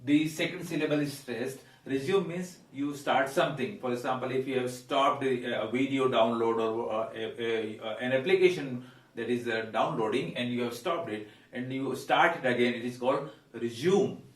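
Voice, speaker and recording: A man with an Indian English accent gives a pronunciation lesson at a whiteboard, pausing often and repeating each word slowly and deliberately. He stands back from the microphone, so his voice comes through with distance. The room adds a noticeable echo. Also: medium pitch. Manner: halting, frequent "uh", repeats words slowly and deliberately. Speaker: English teacher. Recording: roomy echo, mic at a distance.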